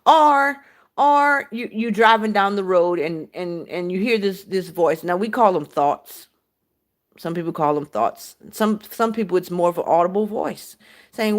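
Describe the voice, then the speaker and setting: A woman's voice: medium pitch, moderate pace. A woman hosting a casual spiritual talk, speaking frankly and with profanity while she puts rhetorical questions to her listeners. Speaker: podcast host.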